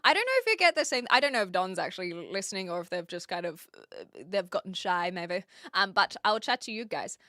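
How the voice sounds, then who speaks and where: A woman's voice: medium pitch, expressive, a little fast, few pauses, sharp tone, dry recording, clean studio sound. A young woman from New Zealand with a mixed accent, chatting casually with live-stream viewers in a giggly, bubbly way from her attic. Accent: New Zealand, softened by years in Australia and the UK. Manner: giggly and bubbly, reads chat aloud, frequent laughs.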